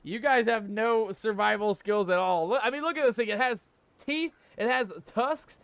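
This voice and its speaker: A man streaming a game live, joking in mock pirate talk, reading the game's text aloud and shouting out in surprise. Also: very high-pitched. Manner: laughs often, exclaims loudly.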